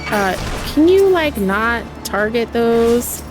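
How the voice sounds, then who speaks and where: A young adult woman streaming a game in casual chat, chatty and excitable, often gasping. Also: fairly high pitch, takes it slowly, over music.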